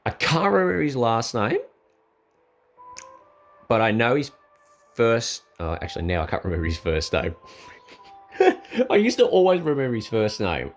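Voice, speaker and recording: A man with an Australian accent telling a personal story in a casual, animated way, acting out the dialogue and laughing at his own jokes. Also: moderate pace, long pauses, faint music behind. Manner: animated, acts out dialogue with jumps in pitch.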